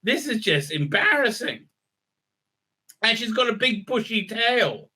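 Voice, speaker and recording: A man's voice: very high voice, sing-song, a little slow, bright, forceful tone, slightly rough. A man recapping and reviewing a TV episode in a rambling, sarcastic way, full of fillers and silly acted-out voices.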